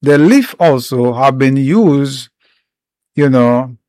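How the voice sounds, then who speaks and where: A man explaining herbal remedies in an informal talk, unhurried and step by step, with many pauses. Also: mid-range voice, animated, warm tone, no echo. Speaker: herbal educator.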